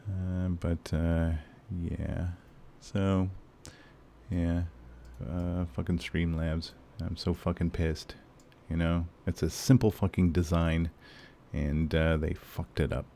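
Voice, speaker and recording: A man's voice: low-pitched, level tone, takes it slowly, dark tone, slight background noise. A man streaming a game, chatting casually and ranting with lots of swearing and fillers. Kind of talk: casual live-stream chat.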